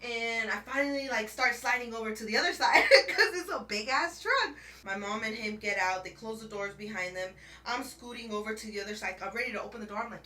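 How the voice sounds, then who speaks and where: A woman's voice: fairly high pitch, brisk, pushed and bright, roomy sound, far from the mic, slight background noise. A woman vlogger telling a dramatic story in a casual chat, laughing often and calling the viewer bestie while she paints her nails.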